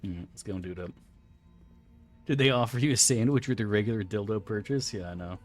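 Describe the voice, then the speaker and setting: Man, streamer, fairly low voice, rambling crude jokes, casual game commentary. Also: fast, soft background music.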